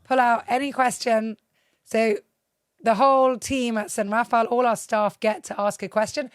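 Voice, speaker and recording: A woman hosts a relaxed interview and keeps the conversation going with encouraging questions. Her voice sits at a middling pitch and is recorded dry and close. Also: normal speed, no room sound. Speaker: talk show host. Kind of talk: hotel interview chat.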